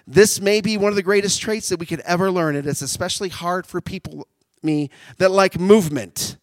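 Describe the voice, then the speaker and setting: A man preaching a sermon, animated, swinging from loud shouts down to quiet, intimate tones. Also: high voice, brisk, no room sound.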